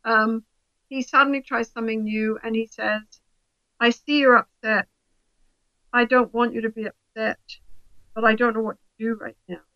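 A woman speaking as a couples therapist in an interview, explaining in a lively way and acting out the voices of the people in her examples. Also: fairly high pitch, normal speed, pauses often, no room sound, highs cut off.

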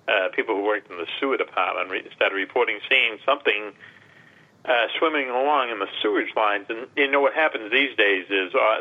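Man, radio guest on the phone, rambling storyteller, rapid speech, lowish voice, tinny phone line. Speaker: guest, author and UFO expert. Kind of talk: casual radio interview.

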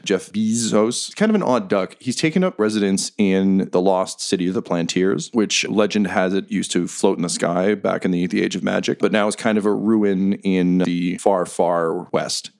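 Deep gravelly game master. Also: male voice. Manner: descriptive, relaxed. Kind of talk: narrating a tabletop game.

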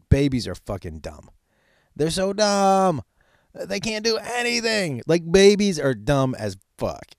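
Middle-aged male comic, profane storyteller, lively swooping delivery, dry booth sound. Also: mid-range voice, no echo. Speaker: comedian. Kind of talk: stand-up style storytelling.

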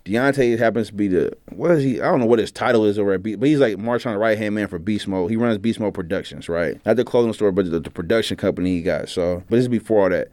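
A young man, a rapper and producer telling stories in a casual, profane, animated way in an interview. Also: fairly low pitch, fast talker, few pauses, no echo.

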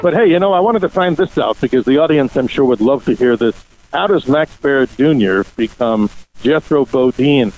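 A man's voice: medium pitch, lively intonation, moderate pace, a little mellow, soft background music, poor audio. A male podcast host asking enthusiastic interview questions.

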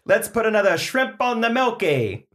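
A man doing a put-on Australian accent for a loud, cheery milkman character. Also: sits high, very animated, moderate pace, voice pushed up. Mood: chirpy. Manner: loud, chirpy, exaggerated. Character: cheery Australian milkman who moved to Boston.

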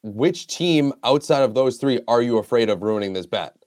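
A man with a middle-pitched voice talks through betting odds in a relaxed, easygoing way on a sports podcast. He lays out the numbers plainly. The recording is dry and close. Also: normal speed, dry recording. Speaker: podcast co-host. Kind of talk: casual sports betting chat.

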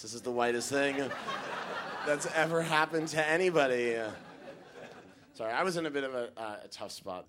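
A man telling a comic story on stage, animated and acting out the people he meets. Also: medium pitch. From United States. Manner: animated, acts out the people in his story with big voices. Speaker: stand-up comedian.

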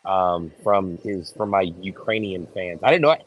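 A man co-hosting a sports podcast, chatty and quick to laugh. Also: low-pitched, dull audio. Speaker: podcast co-host. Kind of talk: casual sports chat.

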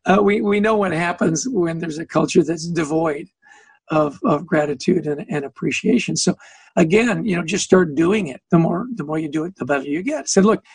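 A man's voice: fairly high pitch, moderate pace, gravelly, breathy edge, no room sound. A man being interviewed as an author, telling stories with energy, acting out both sides of the dialogues and laughing between points. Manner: lively storyteller who acts out both sides of dialogues. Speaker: author and guest. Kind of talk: conversational interview answer.

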